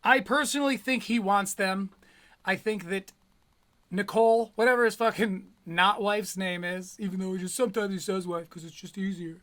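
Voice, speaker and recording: High bright sarcastic male commentator. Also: steady tone, normal speed. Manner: sarcastic, profane running commentary. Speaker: commentary streamer. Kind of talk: reaction commentary over clips.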